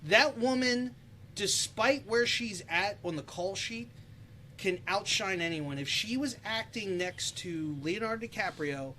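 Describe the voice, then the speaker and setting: Animated opinionated man, high voice. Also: unhurried, slight background noise. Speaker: podcast co-host. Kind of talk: casual chat about movies.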